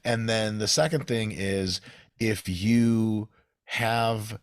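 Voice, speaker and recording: A man in his thirties, from Russia, talking as a guest on a casual podcast. His voice sits a little low and sounds close and dry. He swears freely, jokes around and explains at length. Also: extremely slow, clean tone, no echo. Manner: profane, joking, explains at length.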